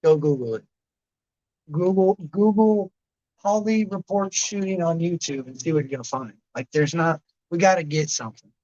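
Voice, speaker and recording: A man's voice: on the high side, moderate pace, warm tone, highs cut off. A man in his late thirties hosting a livestream, rambling casually and answering chatters by name. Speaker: livestream host reading chat.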